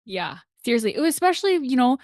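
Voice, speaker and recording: A woman's voice: sits high, sing-song, fast talker, no room sound, clean studio sound. A woman hosting a casual interview, reacting with short agreeing remarks. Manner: warm backchannels and short reactions. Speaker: podcast host.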